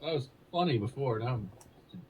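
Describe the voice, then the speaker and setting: A man's voice: medium pitch, animated, fast talker, mellow, soft background music, poor audio. A man hosting a podcast in casual comedic chat, speaking in a dry, teasing way as he starts a story. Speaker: podcast host.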